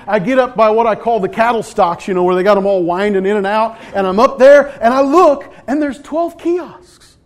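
A man preaching a sermon, telling a story with animated swings from loud outbursts to hushed asides. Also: extremely high pitch, normal speed, few pauses. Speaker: pastor.

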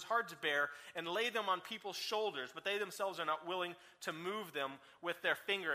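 A man giving a sermon as a guest preacher, energetic and conversational, full of rhetorical questions. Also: high voice, in a large hall.

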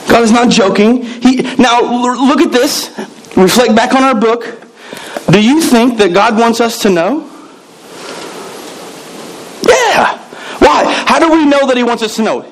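A man's voice: extremely high pitch, measured pace, pauses often, a little hiss or hum, poor audio. A middle-aged man preaching a sermon, telling a personal story with emphatic repetitions. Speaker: pastor.

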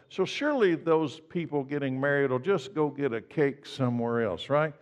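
Pastor guy preaching, goes loud then real quiet, big hall echo behind him. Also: on the high side, expressive, moderate pace, few pauses. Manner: emphatic preaching, swinging from loud to hushed. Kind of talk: sermon.

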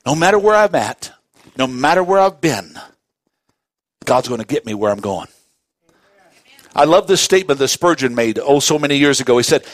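A male pastor delivers a sermon in a fairly high, expressive voice, drawing out key words slowly. He shifts between quiet intensity and loud emphasis, and the sound is close and dry with no echo.

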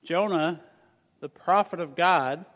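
Male pastor, voice on the high side, dynamic sermon delivery, big hall reverb. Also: takes it slowly. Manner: animated, swings between loud emphasis and soft asides. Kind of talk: sermon with scripture reading. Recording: long reverb of a large hall.

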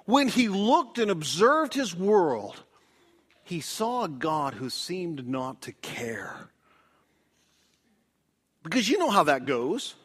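A male preacher in middle age delivers a sermon at an unhurried pace. His fairly high voice moves up and down a great deal as he goes. He swings between loud, pleading cries and hushed whispers. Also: big pitch swings, husky. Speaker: pastor.

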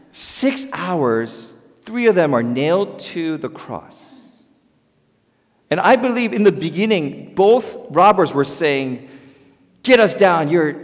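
A man preaching a sermon as a pastor, animated, swinging between loud emphasis and quiet, softer passages. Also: mid-range voice. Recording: long hall reverb.

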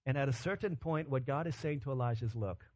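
A man preaching a sermon with animated delivery, acting out voices in quotes. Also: mid-range voice, quick pace. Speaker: pastor.

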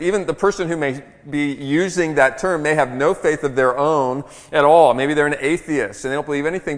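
A middle-aged man preaching a sermon as a pastor, moving between a hushed, slow prayer and lively storytelling. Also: fairly high pitch. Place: church. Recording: long reverb of a church hall.

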